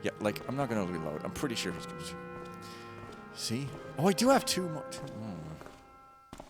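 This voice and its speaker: A man casually commenting while playing a stealth game, rambling and joking, with sudden loud bursts and quiet mumbles, on a close mic. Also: on the low side, wildly swooping pitch, moderate pace, music in the background. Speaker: gaming streamer. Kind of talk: casual let's-play commentary. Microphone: close desk mic.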